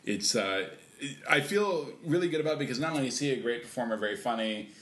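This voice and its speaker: A man's voice: medium pitch, lively intonation, fast, a bit bright. A middle-aged man hosting a podcast, telling rambling, laid-back stories full of fillers and laughs. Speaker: podcast host. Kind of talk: casual storytelling chat. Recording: roomy echo, faint noise.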